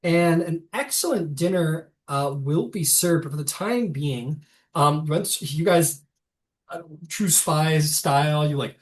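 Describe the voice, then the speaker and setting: A man's voice: a little high, slow. Guy running a tabletop game, lots of ums and restarts. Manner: rambling, filler-heavy, self-interrupting. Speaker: game master.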